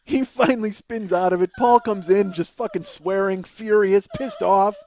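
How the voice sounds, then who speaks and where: High, animated man telling a profane story. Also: normal speed, a little hiss or hum. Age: 40s. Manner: animated, swears a lot, laughs through his story. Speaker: comedian and podcast host.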